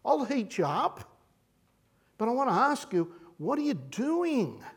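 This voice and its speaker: A man's voice: extremely high pitch, big pitch swings, measured pace, breathy edge, pitched above the performer's own voice, exaggerated voice. A man voicing God as stern but caring, putting challenging, pointed questions to a prophet.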